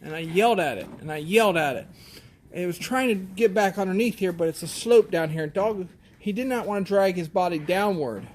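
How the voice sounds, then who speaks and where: A man who farms goats, telling a story in a plainspoken, halting way, often restarting his sentences. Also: high-pitched. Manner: plainspoken, halting, shaken retelling. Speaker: goat farmer. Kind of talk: casual storytelling.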